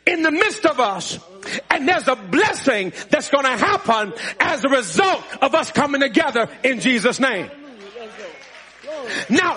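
A man's voice: very high voice, sharp tone. A man preaching a sermon in a church, calling out to the congregation and laughing often. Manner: preaching with call-and-response, frequent laughter. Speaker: pastor. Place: church sanctuary.

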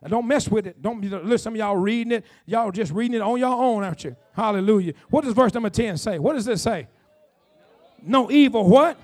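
A man preaching a sermon as pastor, emphatic and repetitive, with call-and-response to the congregation and slow, drawn-out key phrases, in a church. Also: extremely high pitch, darkish tone. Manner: slows down to draw out key phrases. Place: church sanctuary.

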